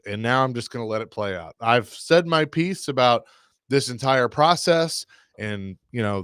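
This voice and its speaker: A man's voice: medium pitch, fairly bright tone, clean tone, no room sound, clean studio sound. A man hosting a sports radio show, talking casually and opinionatedly, often restarting his sentences.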